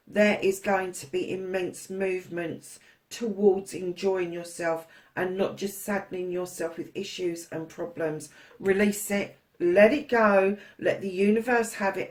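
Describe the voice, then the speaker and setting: Chatty woman giving a tarot reading. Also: mid-range voice. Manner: affectionate, chatty, swears freely, calls viewers darlings. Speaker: tarot reader. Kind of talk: casual tarot reading to camera.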